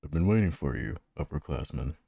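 Brief: man reading calm loyal girl bodyguard from a game, low voice, dry mic. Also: brisk, creaky, slightly rough, dry recording, heavily acted. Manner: reading game dialogue aloud.

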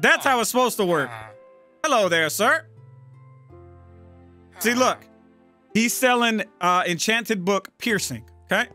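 Man, gameplay commentary, exasperated, profane, lively swooping pitch. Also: moderate pace, long pauses, faint music behind. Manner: profane, exasperated, talking to himself. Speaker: gaming channel host.

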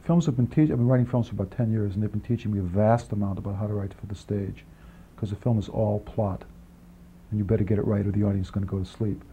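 A man being interviewed about his film work, talking quickly in long rambling answers with many restarts and asides, on an old archival tape. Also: on the low side, dark tone. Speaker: film writer and director, interview guest. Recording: dull archival 1980s interview tape, faint hiss.

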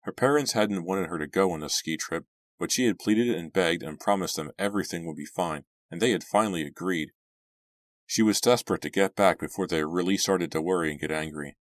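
A man narrating a horror novel as an audiobook, friendly and measured. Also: low-pitched, no room sound, clean studio sound. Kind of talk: reading a horror novel aloud.

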